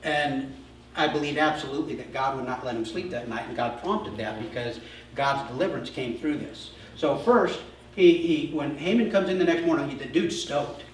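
A man's voice: mid-range voice, moderate pace, distant mic, slight background noise. A male pastor giving a casual sermon, retelling a story with humorous asides. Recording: echoey church hall, mic from afar.

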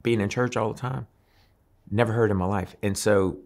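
A man from New Orleans, a musician being interviewed, telling animated stories and acting out the people in them. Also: lowish voice, normal speed. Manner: animated storyteller, acts out voices in his anecdotes. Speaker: guest musician. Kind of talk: storytelling interview.

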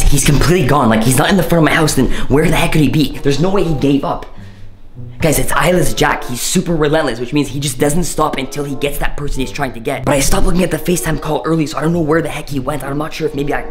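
A man hosting a staged horror challenge vlog, talking excitedly to his viewers and calling them "guys", swinging between hushed suspense and frantic alarm. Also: mid-range voice. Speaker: YouTuber host.

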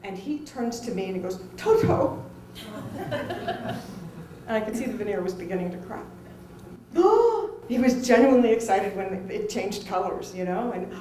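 A middle-aged woman tells a personal story to an audience in a lively, conversational way and acts out other people's lines. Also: medium pitch, fast talker, hardly any pauses, slight background noise. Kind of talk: personal anecdote told to an audience. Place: film festival venue. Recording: roomy, distant mic with faint ambience.

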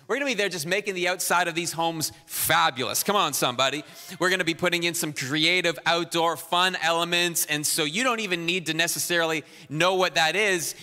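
Energetic pastor in a bright, reverberant hall. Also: male voice, a little high. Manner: energetic, exhorting the crowd. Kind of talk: sermon announcements. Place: church auditorium. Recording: long reverb in a large hall.

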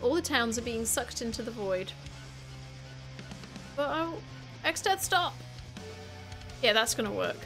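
This let's-play features a gaming YouTuber whose higher voice has lively intonation and a moderate pace broken by frequent pauses. She muses aloud casually and swears playfully while game music runs behind her.

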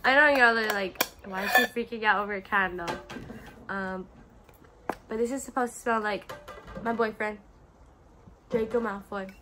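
A young woman rambling excitedly about her gifts in a casual vlog. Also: mid-range voice, normal speed, long pauses, music in the background. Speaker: friend opening gifts.

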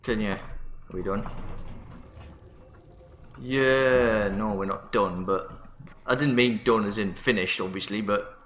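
A man's voice: lowish voice, slow pace, pauses often, a bit bright, slight background noise. A man hosting a let's play, panicky and self-mocking, swearing often as he plays. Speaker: gaming channel host. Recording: roomy sound with faint music.

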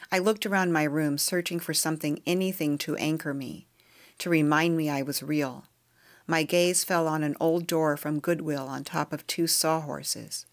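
A woman podcast host reading a memoir chapter aloud in a quiet, measured, intimate way. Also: deep voice, creaky.

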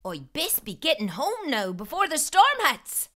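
An eager young finder from a storybook, voiced by a woman reading aloud, talks in an earnest, excited rush. His raised voice bounces with lively pitch and a bright, clear tone. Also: a little slow, heavily acted.

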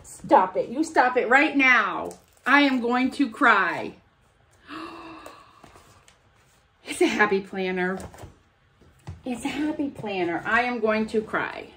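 A woman's voice: a little high, lively intonation, takes it slowly, long pauses, pushed and bright, slight background noise. A woman vlogging as she opens gifts, gushing and gasping with delight. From United States. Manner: gushing, gasping, breathy exclamations. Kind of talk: casual unboxing chat.

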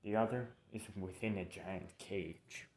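A man's voice: on the low side, a little slow, darkish tone. A young man casually narrating a fan story, rambling and correcting himself with informal asides. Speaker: channel narrator.

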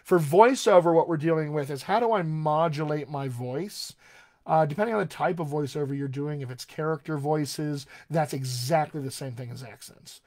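A man's voice: a little high, moderate pace, a little mellow. An American man working as a dialect coach, answering viewer questions in a live online session and demonstrating sounds as he explains. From United States.

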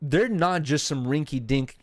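A man's voice: fairly high pitch, a little slow, no room sound. A young man co-hosting a podcast in a casual, slangy, profane chat, full of fillers and "bro.". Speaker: podcast co-host. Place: podcast studio.

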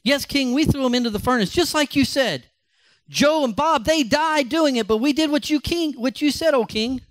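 A man's voice: very high voice, moderate pace, dry recording, voice pushed up. A man voicing a nervous, fawning advisor to a king, eager and groveling.

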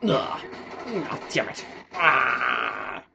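Excitable young man narrating gameplay. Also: mid-range voice, very slow, creaky, muffled recording, noisy background. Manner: excitable, swearing, jokey outbursts. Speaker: gaming commentator. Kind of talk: casual gameplay commentary.

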